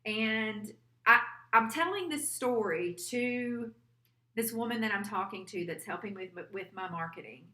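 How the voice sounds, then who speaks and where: A woman's voice: medium pitch, expressive, a little slow, pushed and bright, echoey room. A real estate agent, a woman, telling an earnest personal story, a little teary at times. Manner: heartfelt, earnest, quotes her client aloud.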